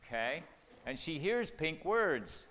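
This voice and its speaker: A man's voice: a little high, very animated, slow, bright, forceful tone, long reverb tail. An older man leading a marriage-preparation seminar, teaching in an earnest, folksy, conversational way with frequent "okay?" check-ins.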